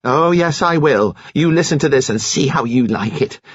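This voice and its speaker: A man's voice: medium pitch, expressive, moderate pace, husky, no echo, lo-fi sound, pitched above the performer's own voice. A man reading an audiobook and voicing a bitter, brash young woman who spits out spiteful outbursts.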